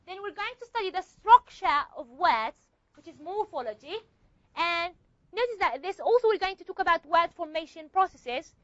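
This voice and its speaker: A woman's voice: very high-pitched, expressive, normal speed, a bit bright, no room sound. A woman teaching a university linguistics class in a classroom, explaining step by step and checking in with her students. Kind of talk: classroom lecture. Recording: slightly muffled lo-fi recording.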